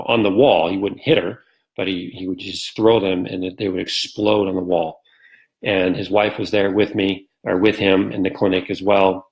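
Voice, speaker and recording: Man, low voice, gravelly, casual livestream host, rambling with ums, answers viewer comments. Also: poor audio. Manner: rambling, with many ums and restarts; acts out quotes in a livelier voice. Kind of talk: casual live-stream talk.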